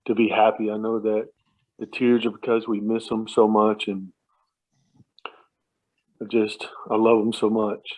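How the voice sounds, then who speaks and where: A man's voice: on the low side, completely flat delivery, measured pace, pauses often, a little mellow. A man casually telling family stories on a phone call, chuckling often and restarting his sentences as he rambles. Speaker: relative sharing memories at a family remembrance. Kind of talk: casual anecdotal storytelling. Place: at home at night. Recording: tinny phone line.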